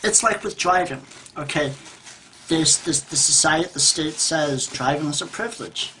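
A man's voice: a little high, moderate pace, bright, forceful tone, slight background noise. A man in his thirties ranting in a frustrated, profane vlog monologue at home, rambling with restarts. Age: 30s. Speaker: vlogger. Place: at home by a table.

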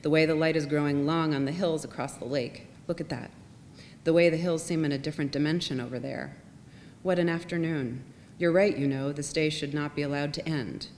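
A woman reader voicing a wistful, emotional father in her own low voice, speaking earnestly to a stranger. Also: fairly even intonation, fairly quick, a little mellow, lightly acted. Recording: long reverb, faint rumble.

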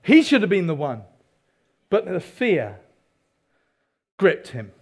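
Male preacher, high voice, animated sermon delivery with congregation asides. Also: takes it slowly, slightly rough. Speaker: pastor.

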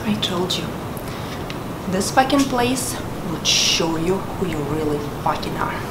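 A seething drama student, played by a woman, drawls a foul-mouthed rant slowly. Her pitch swings widely. The recording is roomy with a low rumble behind her. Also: expressive. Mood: contemptuous. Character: seething young woman ranting in a drama scene. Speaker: acting student. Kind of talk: vulgar performed monologue. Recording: echoey room with rumble.

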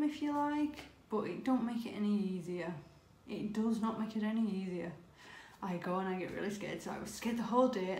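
A woman telling a story excitedly in a casual vlog, with lots of "oh my God" and laughter. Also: medium pitch, roomy sound. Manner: excitable, breathless retelling with frequent "oh my God" and laughs. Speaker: vlogger.

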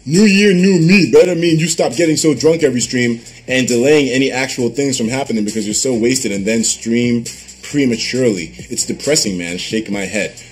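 A man's voice: medium pitch, moderate pace. A man talking casually on his livestream, swearing freely and reading out viewer messages. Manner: animated, swearing, bursts into laughter; reads out viewer donation messages.

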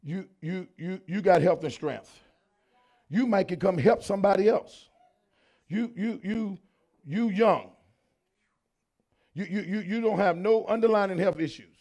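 A pastor in his fifties preaching a sermon, swinging between shouted lines and quieter talk, with lots of repetition. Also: high voice, measured pace, long pauses. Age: 50s.

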